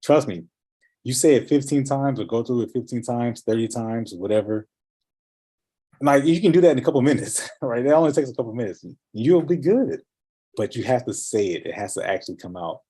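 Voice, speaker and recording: A man's voice: mid-range voice, lively intonation, a little fast, warm tone, husky. A man in a casual coaching chat, talking with energy and emphasis.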